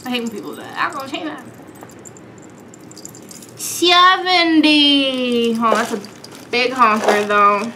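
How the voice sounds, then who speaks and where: Here a young woman vlogs about beauty from home, her bright voice on the high side and her pace fairly quick. The tone is forceful, the chat casual, playful and sassy as she addresses viewers as darlings and girls over slight background noise.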